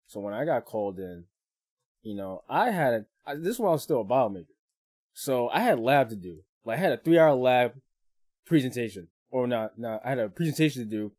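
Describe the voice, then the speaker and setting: A young man, a podcast guest, recounting a college story casually with hesitant starts. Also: medium pitch. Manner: relaxed, backchannels, hesitant starts. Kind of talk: casual chat.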